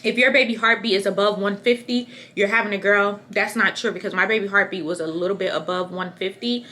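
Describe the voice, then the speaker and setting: A young pregnant woman chats straight to camera in a loose, rambling vlog, circling back and repeating words as she goes. Her voice is bright and forward, with a faint hum of room noise behind it. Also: medium pitch, steady tone, a little fast. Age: young adult. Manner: chatty, candid, rambling with repeats. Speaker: vlogger. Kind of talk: casual pregnancy update to camera.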